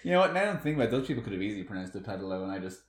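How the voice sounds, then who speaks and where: A man co-hosting a casual podcast, his pitch swinging widely as he jokes at his own expense. His voice rings in an echoey room. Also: racing. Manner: animated, self-mocking. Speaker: podcast co-host. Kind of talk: casual chat.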